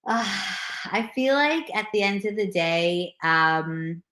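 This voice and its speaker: A woman's voice: medium pitch, slow pace. Earnest woman trainer in an echoey room. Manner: earnest, animated, many fillers like "like" and "you know". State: pregnant. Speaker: personal trainer, interview guest. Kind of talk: casual video interview.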